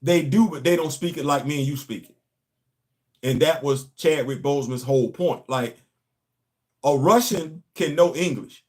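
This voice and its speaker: A man's voice: a little high, normal speed, a little mellow. A man hosting a comics commentary show, ranting emphatically and repeating himself. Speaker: host. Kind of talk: casual commentary.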